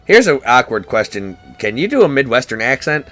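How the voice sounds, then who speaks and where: A man's voice: medium pitch, big pitch swings, a little fast, fairly bright tone, faint music behind. A man hosting a game let's play, joking and chatting casually while playing. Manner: joking, playful, reads game lines aloud. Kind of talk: casual gameplay commentary.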